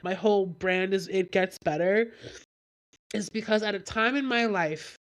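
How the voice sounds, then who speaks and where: A woman's voice: mid-range voice, measured pace. A young woman hosting a solo podcast while getting over a cold, talking in a rambling, heartfelt way with lots of "like". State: has a cold. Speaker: podcast host. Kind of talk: candid solo podcast talk.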